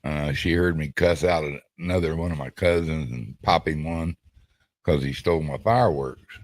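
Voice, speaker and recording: A man's voice: extremely low pitch, normal speed, dry recording. A middle-aged man, telling rambling family stories in casual stop-start chat on a podcast. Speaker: podcast co-host.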